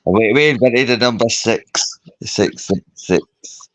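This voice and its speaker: A man's voice: mid-range voice, takes it slowly, a bit bright, dry recording. A man in a casual voice chat, rambling, slangy and swearing a lot. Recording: dull garbled online call audio.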